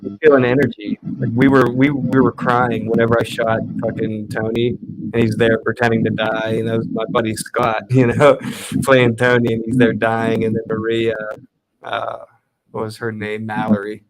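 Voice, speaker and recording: A man's voice: mid-range voice, monotone, normal speed, background noise. A man talking as a guest on a livestream in a loose way, swearing and laughing often. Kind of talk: casual chat.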